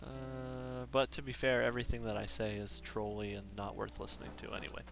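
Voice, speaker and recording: A man's voice: mid-range voice, completely flat delivery, a little fast, vocal fry, a bit bright, a little hiss or hum. A man streaming a game live, chatting casually and self-deprecatingly with his viewers. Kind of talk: casual live-stream chat while gaming.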